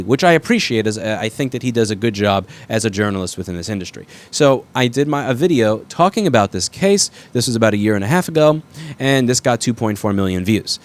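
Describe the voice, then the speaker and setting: A man who is sick with a fever, talking in a blunt, rambling, self-correcting way as he hosts a commentary video, now and then swearing. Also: medium pitch. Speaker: repair shop owner and video host. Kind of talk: casual rambling commentary to camera.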